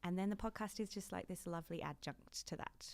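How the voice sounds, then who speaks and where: A British woman in her thirties talks in a low, deep register as a podcast guest. She is chatty and animated and often laughs as she talks. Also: fairly quick, vocal fry. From Britain. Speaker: podcast guest, fashion journalist. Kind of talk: casual interview chat.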